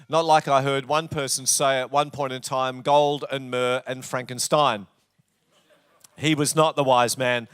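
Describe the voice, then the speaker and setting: A man's voice: a little high, clear, resonant tone, no echo, studio quality. A male pastor with an Australian accent preaching a sermon, telling stories with jokey asides. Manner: jokey, storytelling, warm asides. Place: church.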